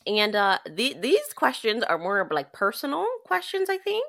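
A woman co-hosting a casual podcast chat, playful and quick to agree or chime in. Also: fairly high pitch, huge pitch swings, creaky, fairly bright tone. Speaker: podcast co-host.

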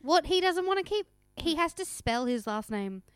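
A woman's voice: high voice, sing-song, moderate pace, no room sound, clean studio sound. A young woman co-hosting a podcast, chatting and joking casually as she recaps a show. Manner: chatty, joking, trails off mid-sentence. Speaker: podcast co-host.

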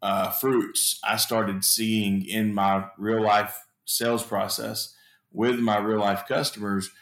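A man with a fairly low voice talks casually as a podcast guest. He restarts and repeats words as he thinks. His audio carries a roomy echo. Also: little pitch movement, slow, a bit bright. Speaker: sales trainee guest. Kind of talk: casual chat.

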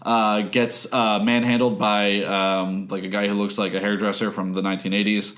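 A man's voice: lowish voice, little pitch movement, moderate pace, fairly bright tone. A man chatting casually on a podcast, recapping a TV episode in a rambling way with lots of fillers.

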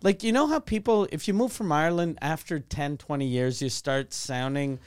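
A man's voice: on the high side, normal speed, clear, resonant tone. A man co-hosting a podcast in casual chat, telling rambling stories full of swearing. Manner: rambling storytelling, heavy swearing. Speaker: podcast co-host. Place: podcast studio.

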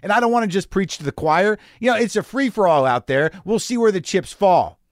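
Male podcast host, slightly high voice, dry close sound, rambling, cursing, self-deprecating. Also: animated, brisk, no room sound. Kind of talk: casual monologue. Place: garage studio.

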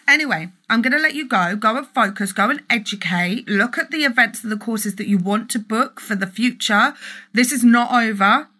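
Businesswoman, live-stream pep talk, bright and a bit high, blunt and passionate, curses freely. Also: normal speed. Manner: passionate and emphatic, swears freely. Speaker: entrepreneur and business mentor. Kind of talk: live-stream rant to an online group. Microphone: phone or webcam for a live video.

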